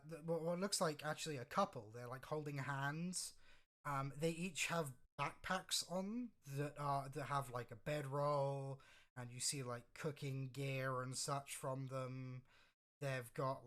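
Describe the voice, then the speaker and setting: A woman's voice: extremely low pitch, a bit bright. A woman game master narrating a tabletop game, rambling and hesitant with many fillers and restarts.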